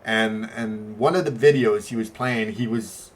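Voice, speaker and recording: A man's voice: on the low side, unhurried. A native French-speaking man co-hosting a podcast, telling rambling stories in casual chat with blunt talk and swearing. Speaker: podcast co-host.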